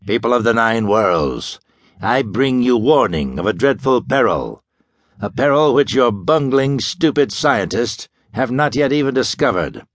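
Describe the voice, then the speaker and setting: A man narrating an audiobook and voicing a gaunt, menacing male mastermind with a deep, harsh, rasping voice and grandiose commanding speech. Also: expressive, a little slow, dry recording.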